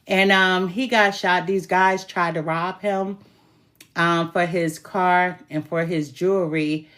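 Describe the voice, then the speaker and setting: A woman's voice: fairly low pitch, steady tone, slow pace, fairly bright tone. A woman reading tarot as a self-styled good witch, talking casually to camera with laughs and a few swear words. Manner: chatty, laughing, swears while telling stories. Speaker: tarot reader calling herself a good witch.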